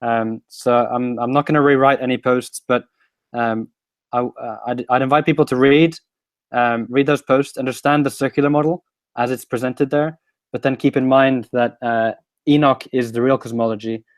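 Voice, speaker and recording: A Swedish-born man is a guest on a live online talk. He speaks hesitantly and often stops to restart his sentences. His voice is at a middle pitch, recorded dry and close with no echo. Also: fairly even intonation, normal speed. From Sweden. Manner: hesitant, many fillers and restarts. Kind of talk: casual chat. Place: London.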